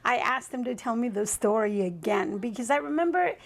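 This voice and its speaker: A woman's voice: fairly high pitch, expressive, a little fast. A woman guest on a podcast telling a personal story in a reflective, rambling way, often checking in with "right?". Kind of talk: casual interview storytelling.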